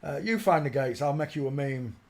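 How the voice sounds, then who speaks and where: Scrolling through images on his casual livestream, this host talks in a fairly high-pitched voice and a little fast. He tends to mutter under his breath, then erupt into loud fits of laughter.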